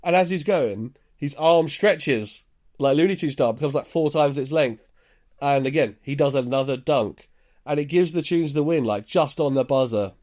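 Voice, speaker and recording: A man's voice: on the high side, normal speed, darkish tone. Laid-back man recapping a film. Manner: laid-back storytelling, chuckles while recounting scenes. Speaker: podcast co-host.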